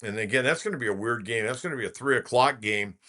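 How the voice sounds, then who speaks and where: A man's voice: medium pitch, fast, sharp tone. A man in his sixties from California, hosting a sports talk show in a folksy, rambling way with lots of filler words. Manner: folksy, rambling storyteller with many filler uhs. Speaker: sports radio host.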